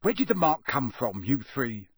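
A man's voice: medium pitch, big pitch swings, moderate pace, slightly rough, no echo, clean studio sound. A man voicing a worried middle-aged father with a shaky voice. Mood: anxious. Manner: shaky, anxious.

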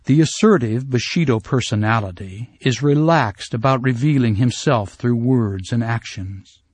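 A man with a middle-pitched voice reads a self-help course in a calm, measured way. His delivery is scripted and steady. The sound is dry and close, with no room around it. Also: breathy edge, dry recording. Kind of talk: scripted instructional narration.

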